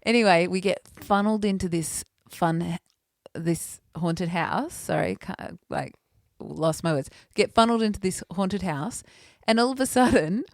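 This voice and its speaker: A woman co-hosting a podcast, telling an animated story in casual chat and laughing often. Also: lowish voice, creaky, no echo, clean studio sound. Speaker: podcast co-host.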